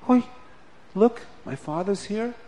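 A man's voice: high-pitched, animated, takes it slowly, a little mellow. A man voicing a young bridegroom who asks what is going on. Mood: puzzled.

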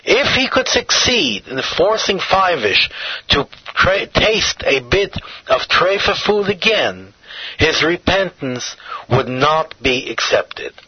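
A man narrating a scripted story in a measured, expressive reading. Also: on the high side, slightly rough, dry recording. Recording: dull, dry lo-fi recording.

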